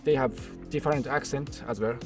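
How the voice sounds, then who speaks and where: A man's voice: medium pitch, brisk, faint music behind. A man, a channel host asking short, simple interview questions in English. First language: Japanese. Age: 30s. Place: outdoors in a park.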